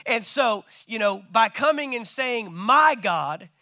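A man's voice: very high-pitched, measured pace, bright, forceful tone, no room sound. A man preaching a sermon as pastor, calling out to his congregation. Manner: preaching with call-outs.

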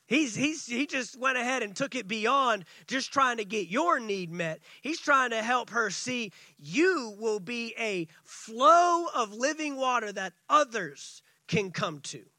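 A man delivers a sermon in a high, bright voice with a sharp edge. He swings between excited bursts and hushed, slowed-down lines, and he acts out the scripture dialogue. The sound is dry and close. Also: dry recording. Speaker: pastor.

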